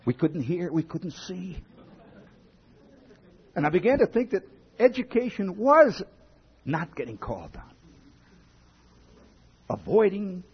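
A husky-voiced humorist tells an audience a wry, profane comic story, building from quiet asides to loud outbursts. The sound is lo-fi.

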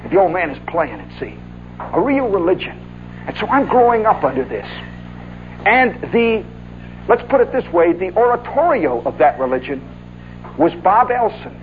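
A man telling a long story in an animated, folksy way, often adding "see" and "oh, yeah". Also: sits high, normal speed, narrow, tinny audio, slight background noise. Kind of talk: spoken monologue recollection.

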